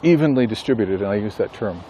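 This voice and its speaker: A man who writes books and teaches a class, talking casually and thinking aloud with pauses and self-corrections. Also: fairly low pitch, expressive, dark tone, slight background noise. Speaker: author and instructor. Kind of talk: casual rambling monologue.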